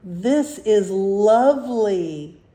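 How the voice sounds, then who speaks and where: Prim, formal female teacher, a woman reading aloud; mellow tone, slow delivery. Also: medium pitch, animated. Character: prim female teacher, fussy but softening. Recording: roomy echo.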